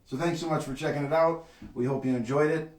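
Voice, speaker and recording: A man's voice: fairly high pitch, fairly even intonation, quick pace, darkish tone, roomy sound, recorded from a distance, soft background music. A man giving a trumpet lesson, explaining rhythm and singing syllables to show it. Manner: sings syllables to demonstrate rhythm. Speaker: trumpet teacher. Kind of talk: instructional video lesson.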